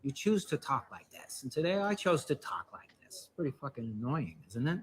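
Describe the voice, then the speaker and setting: A man's voice: a little high, very animated, a little fast, a little hiss or hum. An actor playing an irritated male coffee-shop customer who lectures in a sarcastic, mocking tone. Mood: exasperated mocking.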